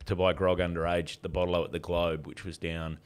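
Lower-voiced Australian man telling stories. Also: flat delivery, a little fast, smooth. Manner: rambling anecdotes, laughs often. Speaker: podcast guest. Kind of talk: casual storytelling chat.

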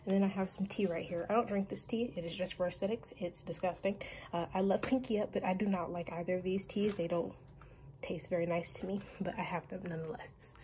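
A woman's voice: mid-range voice, fairly even intonation, fairly quick, dark tone, slight background noise. A young woman vlogger giving a casual, rambling tour of her bedroom, slightly out of breath. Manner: chatty, rambling with many ums.

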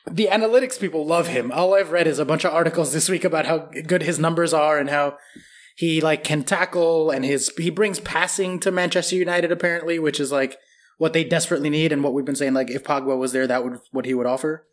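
Chatty, slightly high-voiced man cohost. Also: quick pace. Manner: chatty, analytical, swears casually. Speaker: podcast co-host. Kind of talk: casual chat.

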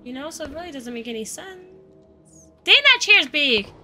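A young adult woman streaming a game live, reacting with excited exclamations and chatting to her viewers. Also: high voice, normal speed, faint music behind. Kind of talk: live gameplay commentary.

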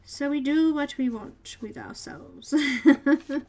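A woman's voice: sits high, measured pace, warm tone. An Australian woman hosting a live coloring tutorial, chatting with viewers in the chat and murmuring to herself as she works. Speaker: live art tutorial host. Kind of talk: casual live-stream chat while coloring.

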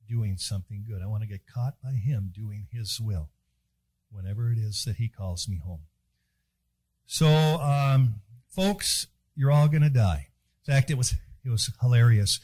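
Man, preacher, husky voice, dry close sound, folksy joking sermon. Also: mid-range voice, dark tone, no room sound. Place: chapel.

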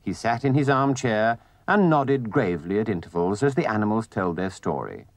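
Expressive male storybook narrator. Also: lowish voice, moderate pace, dry recording.

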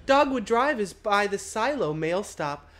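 A woman voicing a chatty, folksy middle-aged female tugboat pilot in a video game, with a slightly hoarse put-on voice. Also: mid-range voice, big pitch swings, measured pace, pitched above the performer's own voice. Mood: friendly.

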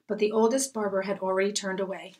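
A woman reads a children's picture book aloud at a mid pitch, gentle and expressive. She tells the story clearly for young listeners. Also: fast, background noise. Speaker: storybook reader.

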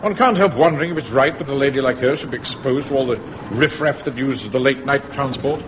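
An actor playing a pompous, prim home guard captain in a radio comedy. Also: male voice, medium pitch, fast, close to an everyday voice. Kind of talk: 1960s radio comedy acting. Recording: muffled old radio recording with hiss.

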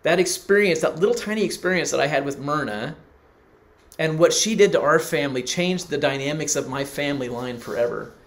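A man's voice: a little high, brisk. A middle-aged man preaching, telling a personal story and acting out the people he quotes. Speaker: pastor. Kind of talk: sermon.

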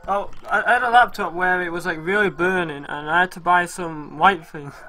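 A man's voice: high voice, a little fast, sharp tone, faint music behind. A man co-hosting a game stream, chatting casually, teasing and playing dumb for laughs. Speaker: co-host.

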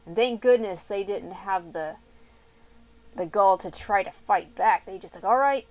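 A woman's voice: mid-range voice, a little slow, a little mellow, rough recording. A woman reading scripture aloud expressively and breaking off for casual, chatty comments. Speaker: Bible reader and commentator.

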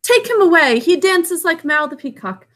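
A woman's voice: extremely high pitch, big pitch swings, moderate pace, fairly bright tone, voice pushed up, full character voice. A woman voicing a group of anxious cobras fussing over their young in a storybook reading. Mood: alarmed. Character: nervous cobras guarding young.

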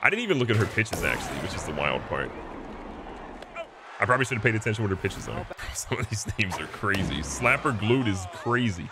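A man giving casual, excitable gameplay commentary, joking at himself and talking to his players. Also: fairly low pitch, a little fast, noisy background. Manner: excitable, self-mocking, talks to the players. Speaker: gaming video host.

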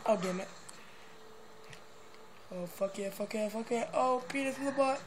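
A young man giving crude, joking commentary while playing a video game, mostly mumbling with sudden shouted outbursts. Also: very high-pitched, moderate pace, long pauses. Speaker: gaming video host.

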